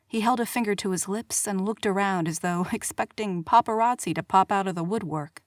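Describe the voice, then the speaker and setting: A woman reading a romance novel aloud as audiobook narrator, measured and expressive, on a studio mic. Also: medium pitch, dry recording. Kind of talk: scripted narration.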